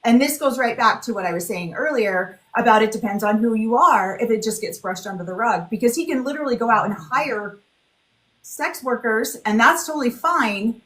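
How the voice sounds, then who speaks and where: A woman in her forties, a guest in an interview, talking bluntly and telling her story in a lively, candid way. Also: fairly high pitch, moderate pace. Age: 40s. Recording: roomy echo.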